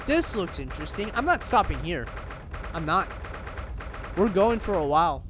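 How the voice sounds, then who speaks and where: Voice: mid-range voice, very animated, moderate pace, long pauses, a bit bright, a little hiss or hum. A gamer casually commenting on a story game, self-deprecating and giggly. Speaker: let's-play gamer. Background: faint game music.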